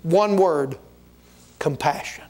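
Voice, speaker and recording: High-voiced man preaching a fervent sermon. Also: takes it slowly, darkish tone. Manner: folksy, exhorting, with storytelling asides. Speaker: guest preacher. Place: church sanctuary.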